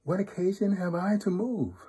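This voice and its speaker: A man's voice: moderate pace, dark tone, breathy edge. A man doing a timid little girl's voice. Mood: pleading. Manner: high and pleading. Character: little girl, timid and sweet.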